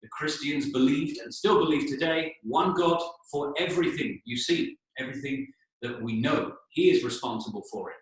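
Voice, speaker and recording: A male English teacher with a fairly high voice tells a story for learners. He explains patiently, spells out words and keeps checking in with "okay?", in a very echoey room with the mic set back from him. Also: sing-song, normal speed. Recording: echoey room, voice a bit distant.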